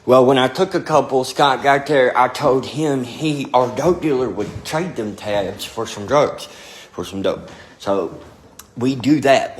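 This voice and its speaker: A young man telling a story in a blunt, profane, rambling way, repeating fillers. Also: medium pitch. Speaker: storyteller recounting his past. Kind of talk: casual storytelling to camera.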